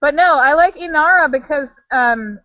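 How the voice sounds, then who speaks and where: A woman's voice: sits high, moderate pace, dull audio. A woman co-hosting a casual video-call chat at home, rambling with fillers. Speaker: livecast co-host. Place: home with dogs barking. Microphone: webcam video call.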